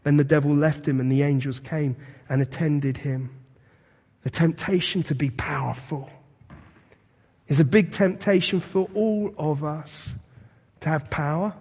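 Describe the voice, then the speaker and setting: A man preaching a sermon as pastor, retelling scripture as a vivid, animated story. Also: a little high, unhurried, husky, big-room sound. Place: church.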